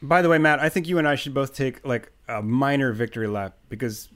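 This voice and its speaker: A man co-hosting a basketball podcast, talking quickly and teasing his co-hosts. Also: medium pitch, a bit bright. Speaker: podcast co-host. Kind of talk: casual basketball chat.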